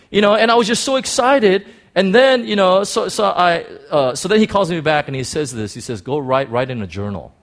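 A man preaching a sermon, telling a personal story in an excited, animated way with many restarts. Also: fairly high pitch, fairly quick.

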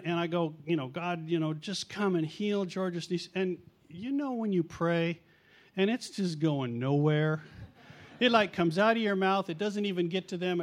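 Chatty storytelling preacher, man. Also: high voice. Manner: chatty, self-mocking, acts out quotes. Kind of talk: storytelling sermon.

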